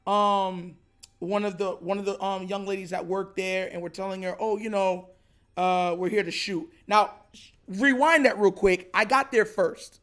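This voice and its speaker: A man hosting his own podcast, telling a story casually and acting out excited moments. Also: sits high, unhurried. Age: adult. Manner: animated, retells others' lines with raised excited voice. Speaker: podcast host.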